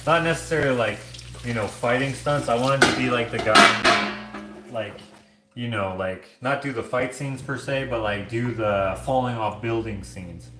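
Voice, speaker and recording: A man's voice: mid-range voice, moderate pace, echoey room, background noise. A man hosting a casual livestream from his home kitchen, washing dishes while he reads comments and rambles, full of filler words like "like". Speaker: streamer and host.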